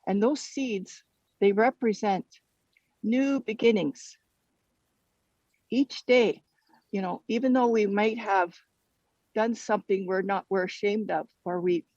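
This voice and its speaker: A storyteller sharing a traditional teaching story in a gentle, halting way, often repeating words. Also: mid-range voice, no room sound. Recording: dull lo-fi recording.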